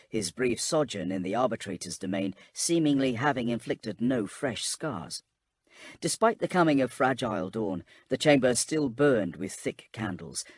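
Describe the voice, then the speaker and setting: Calm, husky male audiobook narrator. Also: on the low side, no echo. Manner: calm, steady storytelling.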